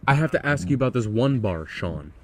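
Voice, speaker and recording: A man's voice: mid-range voice, animated, fairly quick. A man hosting a podcast, chatting casually about music in an earnest way and asking leading questions. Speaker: podcast host.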